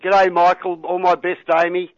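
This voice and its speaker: A man's voice: sits high, completely flat delivery, moderate pace, dull audio. An Australian man calling in to a radio show, earnest and rambling, often saying mate. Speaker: caller. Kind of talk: call-in radio talk.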